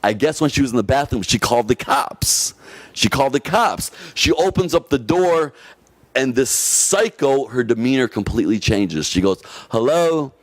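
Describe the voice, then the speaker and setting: A man from Detroit, a podcast guest telling a story casually, animated, laughing often and swearing freely. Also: medium pitch, moderate pace, no echo. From Detroit, USA.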